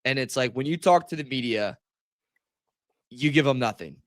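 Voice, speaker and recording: A man co-hosting a casual sports podcast, talking in a relaxed, analytical way. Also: medium pitch, normal speed, no echo. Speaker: podcast co-host.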